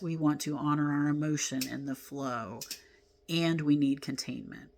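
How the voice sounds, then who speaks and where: A woman leading a spiritual class, talking in a gentle, heartfelt way with sighs and soft laughs as she reflects on oracle card guidance. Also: extremely low pitch, creaky. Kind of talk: reflective spiritual talk, reading from oracle cards.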